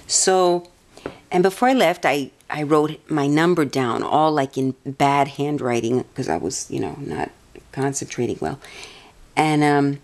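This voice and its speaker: A woman's voice: low voice, unhurried, darkish tone. A woman telling a personal story in a casual, meandering way, often restarting her sentences. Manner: meandering, chatty, many restarts. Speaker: vlogger.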